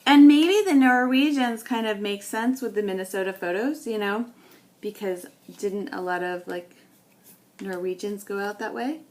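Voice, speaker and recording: A woman's voice: medium pitch, darkish tone. Woman thinking aloud while sorting photos. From New England. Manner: thinking aloud, unhurried, with many ums. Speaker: scrapbooking video maker.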